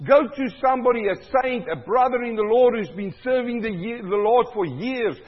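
High-voiced husky preacher in a hall. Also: male voice, normal speed, lo-fi sound. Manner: swings between loud cries and low, quiet stretches. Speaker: pastor. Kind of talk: sermon.

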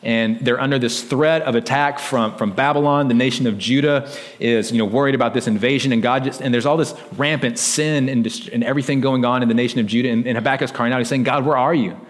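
A man's voice: medium pitch, fairly even intonation, fast, long reverb tail. A man preaching a sermon as pastor, in a loose conversational way, often tossing in "like" and "right?" to his listeners.

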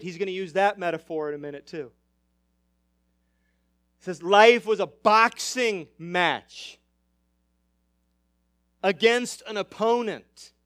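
Guy preaching a sermon, high smooth voice, really emphatic, loud then soft. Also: takes it slowly, pauses often, dry recording, studio quality. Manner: emphatic preaching with big swings in loudness. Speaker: pastor.

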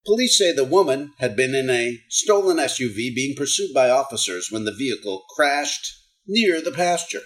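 A man's voice: mid-range voice, big pitch swings, normal speed. A man hosting a comedy countdown show, reading odd news stories and mocking them with sarcastic, profane asides.

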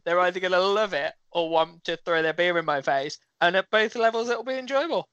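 Bright-voiced, eager man co-host. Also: high voice, lively intonation, clear, resonant tone, no echo. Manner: enthusiastic, halting with fillers. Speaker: podcast co-host. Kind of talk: casual chat.

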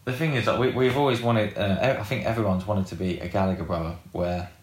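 Low-voiced guitarist, rambling. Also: male voice, steady tone, quick pace. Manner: rambling, heavy on fillers and swearing. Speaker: guest, rock band guitarist. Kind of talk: casual interview chat. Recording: roomy echoey room.

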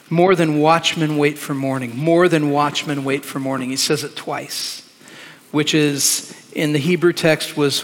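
A man preaching a sermon as pastor, earnest and emphatic, slowing down to stress key words. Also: on the high side, fairly bright tone. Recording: long reverb of a large hall.

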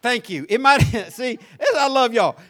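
A little slow but very expressive, an older Southern-accented pastor preaches, building to shouted crescendos and easing into hushed, conversational side comments.

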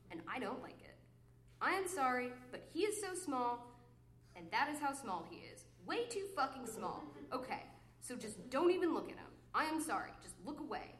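A woman's voice: a little high, fairly bright tone, echoey room, slight background noise. A woman performing a live poetry reading, mock-flirty and exasperated, swinging between cooing asides and mutters. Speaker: poet reading her work. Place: reading series venue with an audience.

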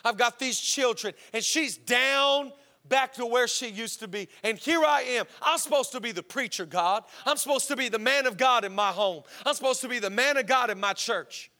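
A man's voice: high-pitched, unhurried, bright, forceful tone, heavily acted. A man voicing an exasperated biblical prophet who stammers and pleads in disbelief. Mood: frustrated.

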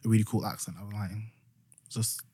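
A man's voice: fairly low pitch, fairly quick, dry recording, studio quality. Yorkshire man rambling in casual chat. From Yorkshire, England. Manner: rambling, full of "like" and restarts, animated retelling. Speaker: podcast co-host.

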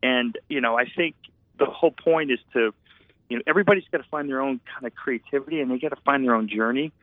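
A man's voice: medium pitch, quick pace, no room sound. A man, a painter and former architect, telling his story in an earnest, rambling way over a tinny, phone-like sound. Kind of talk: reflective storytelling.

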